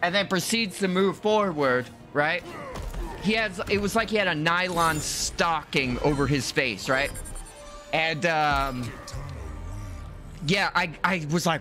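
A man's voice: fairly high pitch, animated, unhurried, pushed and bright. Rambling man telling a story over game music. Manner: rambling, swears, trails off with "like" and "right". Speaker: streamer. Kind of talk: casual storytelling while gaming.

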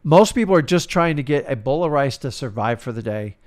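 A man's voice: medium pitch, lively intonation, brisk, darkish tone. A middle-aged man, a real estate coach, giving an emphatic motivational talk that often repeats itself. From United States. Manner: emphatic, preachy, repeats himself.

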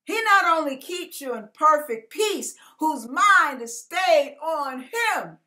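A woman's voice: sits high, lively intonation, slow, few pauses, pushed and bright. A woman pastor reading scripture and preaching, confiding her own struggles with rising emotion. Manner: personal, confiding talk about her struggles.

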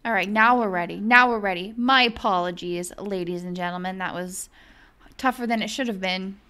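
A young woman giving excitable, chatty let's-play commentary as a gaming video host, thinking aloud as she plays. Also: medium pitch, normal speed, smooth.

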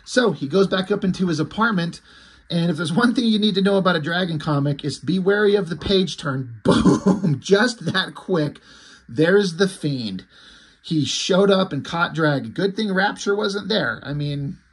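A man casually recapping a comic book, excited, loose and a bit profane. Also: high-pitched, normal speed, slightly rough.

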